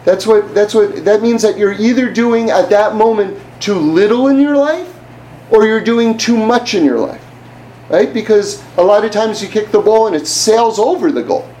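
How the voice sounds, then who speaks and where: A man's voice: high voice, normal speed, dark tone, slight background noise, low-quality recording. A man giving an informal religious class in a conversational way, often asking the listener rhetorical questions. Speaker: Torah teacher.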